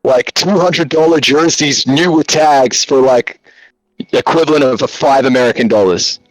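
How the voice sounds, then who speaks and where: A man's voice: medium pitch, moderate pace, no room sound, rough recording. Laid-back joking man on a dry call. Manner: joking, loose storyteller with frequent fillers. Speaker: guest content creator. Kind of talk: casual interview chat. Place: home in Latvia.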